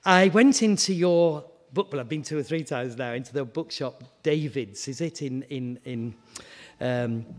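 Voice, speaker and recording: A man's voice: medium pitch, a little slow. A man preaching an informal sermon, chatty, stumbling over repeated words, rising into eager questions. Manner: conversational, repeats words, rises to animated questions. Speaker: guest preacher. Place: church hall. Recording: long hall reverb.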